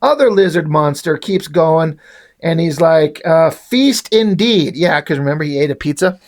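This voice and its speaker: A man's voice: on the high side, moderate pace. A man reviewing a comic book in a casual rant, sarcastic, exasperated and full of swearing.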